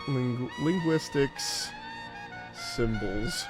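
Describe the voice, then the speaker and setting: Young man, game streamer, casual rambling chat, swears, laughs at himself, middle pitch. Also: wildly swooping pitch, very slow, music in the background.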